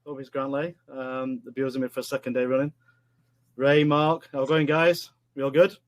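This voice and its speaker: A man's voice: medium pitch, flat delivery, moderate pace. Chatty Yorkshire man hosting a livestream. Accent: Yorkshire English. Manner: chatty, jokey, says "mate" a lot. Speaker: webinar co-host. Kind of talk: casual live-stream chat.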